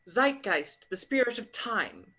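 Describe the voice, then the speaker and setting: A wordy, well-read young woman, played by a woman who lays things out formally. Her bright voice is lively and animated. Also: mid-range voice, slow, slightly rough, exaggerated voice. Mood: earnest. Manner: formal, explaining wordily. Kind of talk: live play reading.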